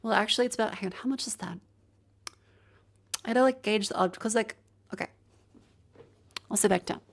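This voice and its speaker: A woman's voice: mid-range voice, brisk, creaky. Chatty woman streamer testing her mic. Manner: chatty, rambling, joking. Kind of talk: casual live-stream chat. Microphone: handheld mic moved around while testing.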